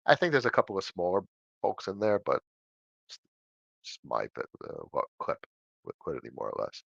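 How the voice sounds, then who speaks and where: A man's voice: low-pitched, normal speed, vocal fry, dry recording, highs cut off. A middle-aged man hosting a casual livestream Q&A at his home desk, chatty and answering viewers' questions. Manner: animated, chatty, answers questions by reading them aloud.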